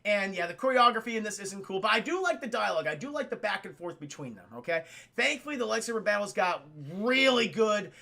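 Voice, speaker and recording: Male streamer, high voice, gravelly, very bright, profane, animated. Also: fast. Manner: profane, animated, laughs often. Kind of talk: casual film recap to live chat.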